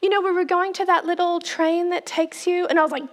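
A middle-aged woman giving a storytelling sermon, animated and laughing, acting out the voices she quotes. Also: very high voice, a little fast, hardly any pauses. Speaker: speaker at a church talk.

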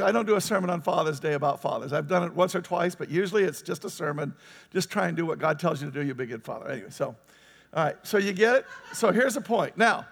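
A pastor with a high-pitched voice delivers a relaxed, conversational sermon, often asking his listeners questions and pausing for their replies. The sound is creaky and has the feel of a big room.

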